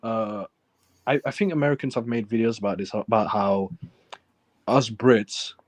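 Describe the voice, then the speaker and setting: A man's voice: fairly low pitch, background noise. A man from England with an English accent, hosting a casual livestream chat and joking with his guest. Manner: joking, teasing, quick laughs. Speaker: livestream host.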